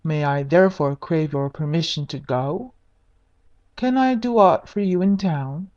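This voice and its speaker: A woman voicing a cold, drawling aristocratic gentleman with stiff, formal politeness. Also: deep voice, unhurried, highs cut off. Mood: coolly polite.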